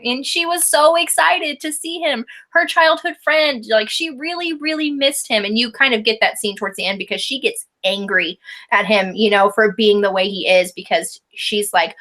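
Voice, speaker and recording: A woman's voice: on the high side, normal speed, bright, forceful tone. A woman co-hosting a casual book discussion, chatty, with frequent laughs and fillers. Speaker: book review co-host.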